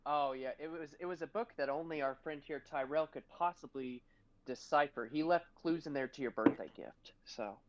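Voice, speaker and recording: A man's voice: fairly high pitch, moderate pace, dull audio, very noisy. A man playing a tabletop game, rambling hesitantly with many fillers. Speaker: player. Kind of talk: casual tabletop role-play.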